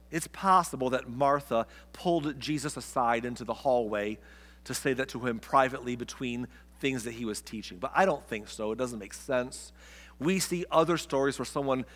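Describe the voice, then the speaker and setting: Guy preaching casually, mid-pitched voice, acts out the characters, big hall echo behind him. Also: fairly bright tone. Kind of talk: sermon.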